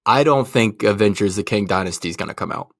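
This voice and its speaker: A husky-voiced man co-hosting a casual movie podcast, laughing often and agreeing readily. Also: fairly low pitch, fast, no echo, clean studio sound. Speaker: podcast co-host.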